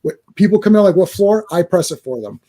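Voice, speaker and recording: A man hosting a casual podcast chat, telling animated stories with many stammered restarts. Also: high voice, quick pace. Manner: animated storyteller, stammering restarts, laughs often. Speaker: podcast host.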